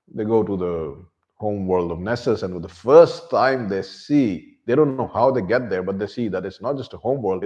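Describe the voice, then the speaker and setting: Deep-voiced man retelling a book casually. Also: highs cut off. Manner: animated retelling with quick asides and fillers. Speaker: book reviewer.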